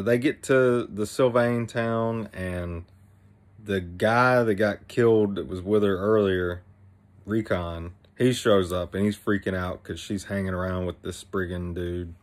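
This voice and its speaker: A young man casually recapping an anime episode, rambling with many fillers and restarts. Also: sits low.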